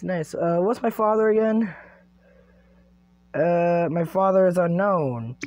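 A teenage boy hosting his gaming channel at home, chatting playfully through an earbud microphone while he reads game text aloud and reacts quickly to it. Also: sits high, no echo. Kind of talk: casual gameplay commentary.

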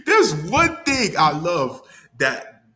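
Animated man recapping with bright voice. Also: sits high, slow pace, soft background music. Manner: animated, laughing, quoting lines with mock voices. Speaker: battle rap reviewer. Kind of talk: casual recap commentary.

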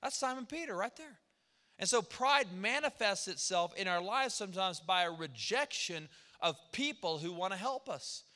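A man preaching a sermon as pastor, animated and quick to act out the people he quotes. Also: sits high. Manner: animated, acts out quoted voices. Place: church sanctuary. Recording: long church hall reverb.

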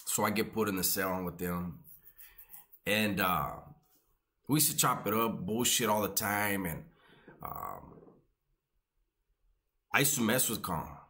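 A man's voice: on the low side, very animated, slow pace, creaky, long pauses, bright, forceful tone. A man, telling casual, joking, profane stories. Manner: profane, laid-back, joking. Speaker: storyteller recalling his prison years. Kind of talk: casual storytelling.

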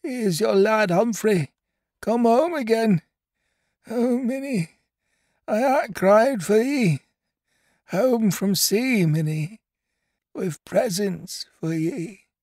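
A man voicing a dying old sailor who calls out tenderly in a soft, faltering voice with old-fashioned dialect. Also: sits high, animated, slow pace, long pauses, no room sound, clean studio sound, voice pushed up. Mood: delirious tender.

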